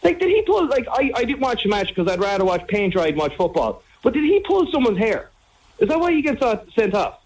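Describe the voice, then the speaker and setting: A man's voice: very high voice, big pitch swings, brisk, poor audio. A man with an Irish accent calling into a radio show, ranting scornfully. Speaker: caller. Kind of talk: phone-in caller.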